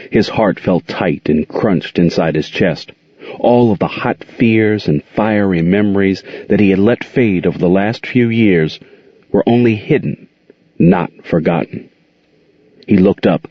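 A man narrating a children's story aloud with expressive storytelling. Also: deep voice, breathy edge, no room sound. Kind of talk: audiobook narration. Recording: dull lo-fi recording.

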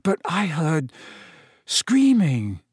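A man's voice: on the high side, huge pitch swings, drawn-out words, breathy edge, dry recording, studio quality, pitched above the performer's own voice, heavily acted. A man reading aloud and voicing a shaken, confused teenage schoolboy asking dazed questions.

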